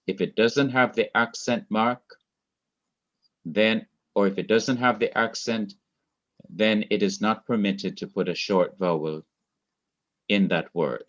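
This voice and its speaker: A low-voiced man with a Jamaican accent teaches grammar over an online class, taking his time and saying each rule twice so it sinks in. The audio is dull and lo-fi. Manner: slow, repeats key rules for emphasis. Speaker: Hebrew teacher.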